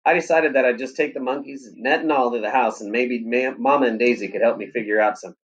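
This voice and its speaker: A man, a teacher, reading a novel aloud in a steady, plain storytelling manner. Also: mid-range voice, fast.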